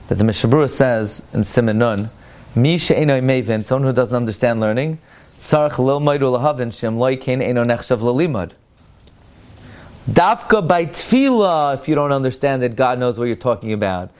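A man teaching a Torah class as a rabbi, weaving Hebrew and Aramaic quotations into his English explanation, asking rhetorical questions and jumping sharply in pitch to stress his points. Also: normal speed. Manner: animated, with sudden jumps in pitch for emphasis. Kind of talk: Torah study lesson.

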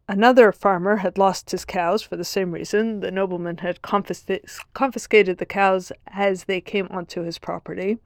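A woman's voice: mid-range voice, no room sound, studio quality. A woman giving an earnest religious lesson, telling a parable in a storytelling manner. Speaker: Torah teacher.

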